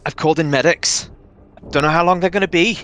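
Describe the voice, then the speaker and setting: Guy playing a woman medic, urgent and pushy, bright voice. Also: a little high, brisk, pitched above the performer's own voice, natural voice. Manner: urgent, persuasive. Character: earnest woman soldier-medic consoling a corporal.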